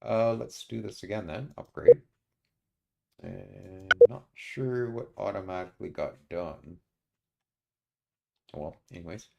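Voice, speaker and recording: A man streaming a strategy game, muttering his moves to himself and often pausing with uhs. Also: low voice, gravelly, noisy background. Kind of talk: casual let's-play commentary.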